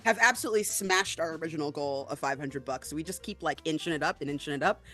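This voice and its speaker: An excitable woman hosts a charity tabletop stream, chatty and full of ums. Her pitch sits in a middle range. Faint music plays under her voice. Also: fast talker. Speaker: stream host.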